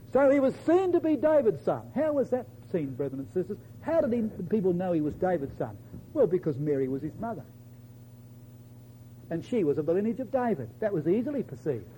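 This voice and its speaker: A man preaching a sermon to his congregation, emphatic, quoting scripture in old-fashioned wording and dropping softly at the ends of phrases. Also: breathy edge, low-quality recording. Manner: emphatic, addresses listeners as brethren and sisters; drops to a soft low voice at the ends of phrases.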